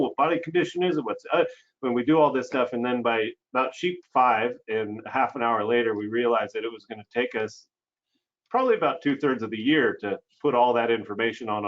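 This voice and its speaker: A man on a sheep ranch panel talking in a relaxed, rambling way with plenty of fillers, heard over a video call. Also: mid-range voice. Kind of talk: casual panel talk. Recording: muffled video call audio.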